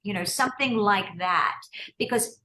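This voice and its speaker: A woman coaching on a video call, talking quickly and chattily, often breaking off and restarting to encourage the people she is coaching. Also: medium pitch, pushed and bright, roomy sound, rough recording. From United States. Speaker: business coach hosting a mastermind call.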